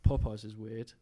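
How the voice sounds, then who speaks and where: A man's voice: on the low side, dark tone, breathy edge. A young man chatting casually on a podcast, rambling through stories and laughing often. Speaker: podcast host. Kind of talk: casual chat among friends.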